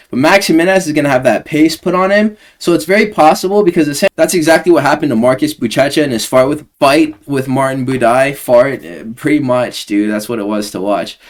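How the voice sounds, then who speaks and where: A young man hosting casual fight predictions, slangy, rambling and sarcastic. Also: medium pitch. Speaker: host.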